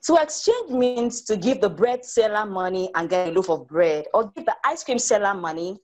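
Woman playing a shrill, scolding, exasperated storybook mother. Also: expressive, normal speed, lightly acted. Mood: stern.

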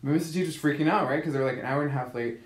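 A man's voice: on the high side, rapid-fire, echoey room. A man co-hosting a podcast, telling stories in casual chat with frequent swearing and laughs. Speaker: podcast co-host. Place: Korea.

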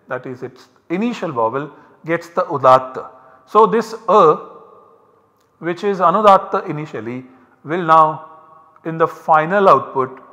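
A man giving a university lecture, explaining step by step in a slow, methodical way. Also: a little high, pushed and bright, in a large hall.

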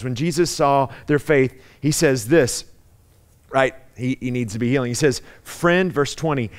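Guy preaching, chatty, keeps saying right?, voice a bit on the high side. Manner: animated storytelling, acting out the people in the story; conversational, frequent "right?" asides. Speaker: pastor. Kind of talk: sermon.

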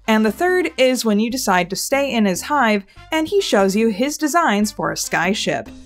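A woman reads a scripted lore explainer in a middle-pitched voice. She keeps an even, informative pace and drops in wry, slightly sarcastic remarks. Faint music plays beneath her. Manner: wry, lightly sarcastic asides. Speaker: video essay narrator. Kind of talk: scripted narration. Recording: soft background music.

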